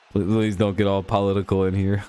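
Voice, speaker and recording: Low-voiced joking livestream host. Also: male voice, level tone, normal speed, warm tone, clean tone. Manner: joking, profane banter with chat, laughs often. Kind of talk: casual live-stream chat over a football game.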